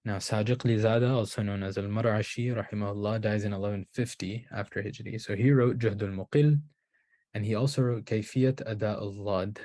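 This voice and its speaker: This Qur'an recitation teacher speaks fairly quickly in a warm, steady, fairly low-pitched voice. His explanatory lecture on pronunciation is delivered as he thinks aloud, restarting and asking "right?" along the way.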